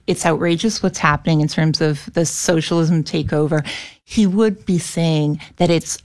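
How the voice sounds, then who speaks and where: An earnest middle-aged American woman, a guest in a conversational interview, talking with quick restarts. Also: low-pitched, steady tone, darkish tone. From United States.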